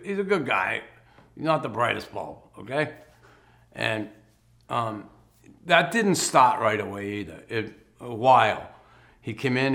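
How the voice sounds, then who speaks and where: A man's voice: lowish voice, gravelly, a bit bright. A man, a former pro hockey player, telling his life story in a casual, blunt way, swearing freely and chuckling as he goes. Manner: blunt, profane, chuckles while telling stories.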